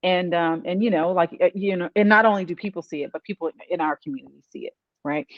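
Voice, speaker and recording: A man's voice: sits high, fast, no echo, lo-fi sound. A man hosting an interview, talking casually with lots of you-knows and restarts. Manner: rambling with many fillers and restarts. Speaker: interview host, event organizer.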